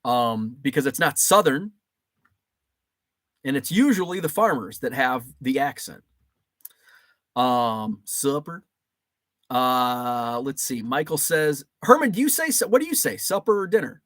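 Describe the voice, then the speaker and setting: A man's voice: medium pitch, lively intonation, a little slow, a bit bright, dry recording. A man from Illinois hosting a casual livestream, reading viewer comments aloud and answering them in a chatty, rambling way. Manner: chatty, rambling, with frequent ums and restarts. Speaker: livestream host.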